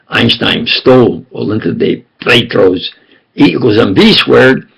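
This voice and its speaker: An older man with a New York accent, telling a rambling, insistent personal story in a slow monologue. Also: mid-range voice, vocal fry, fairly bright tone, slightly rough. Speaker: self-styled preacher and storyteller.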